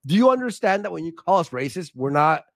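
A man's voice: on the high side, very animated, quick pace, dry recording. A young man from Canada in casual livestream chat, rambling and getting heated, swearing and stumbling over restarts. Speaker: streaming guest.

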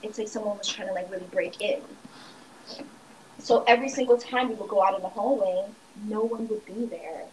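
A young woman telling a scary story from her travels in a relaxed, casual way, with many fillers. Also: medium pitch, brisk, a little hiss or hum, rough recording. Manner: relaxed, filler-heavy narration.

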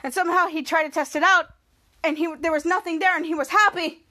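A woman hosting a podcast, casually recapping a TV episode in a rambling way, often repeating herself and acting out the characters' lines excitedly. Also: very high voice, fast. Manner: rambling, repeats "cut to" and "somehow". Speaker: podcast host.

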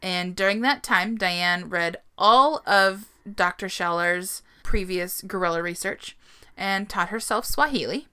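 A woman's voice: mid-range voice, unhurried, bright, forceful tone, clear, resonant tone. A woman co-hosting a casual podcast, retelling a story in a chatty way with frequent laughs and the odd swear. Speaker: podcast co-host.

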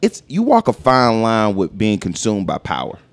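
Expressive man musing on a podcast. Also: on the low side, normal speed. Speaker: podcast co-host. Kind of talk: casual podcast chat.

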